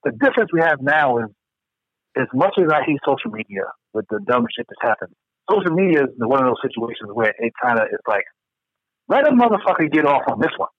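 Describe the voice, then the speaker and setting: A man's voice: medium pitch, big pitch swings, fairly quick, dry recording, lo-fi sound. A man in casual podcast chat, ranting with heated, profane outrage.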